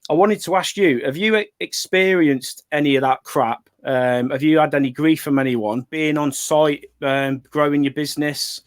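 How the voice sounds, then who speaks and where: A man from the West Midlands hosting a casual interview. He asks long, rambling questions in a chatty, easygoing way. His voice is slightly high and recorded dry and close. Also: moderate pace, hardly any pauses, no room sound. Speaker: interviewer, channel host.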